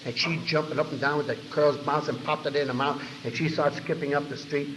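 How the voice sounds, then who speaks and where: This New Yorker talks quickly in a fairly high voice, telling stories at a recovery meeting before a large convention-hall audience and acting out what others said with animation. The 1990 tape sounds dull, with long echo and a little hiss or hum.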